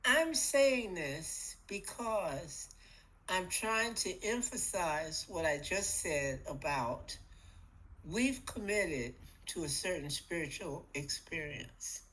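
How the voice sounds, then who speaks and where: Middle-aged woman chatting on a spiritual podcast, lowish voice, playful, acts out little voices. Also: lively intonation, slow, a bit bright, low-quality recording. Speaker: podcast co-host. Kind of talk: casual spiritual talk.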